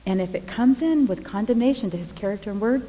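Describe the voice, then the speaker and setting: Female preacher, mid-pitched, expressive storyteller; long hall reverb on the voice. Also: fast talker. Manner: expressive, dramatic retelling of scripture. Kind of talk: sermon.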